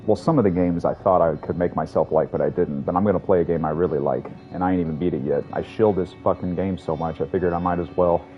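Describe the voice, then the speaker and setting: Deep-voiced man chatting over a game. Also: steady tone, fast talker, few pauses. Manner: rambling, self-deprecating, drawling. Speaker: streamer. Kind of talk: casual gameplay commentary. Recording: dull lo-fi audio with faint game music.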